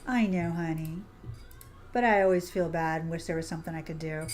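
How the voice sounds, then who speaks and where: A woman's voice: sits low, fairly quick, darkish tone, a little hiss or hum. A woman streaming a game, chatting casually and affectionately with her viewers, calling them sweetie and hon. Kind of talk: casual livestream chat while playing.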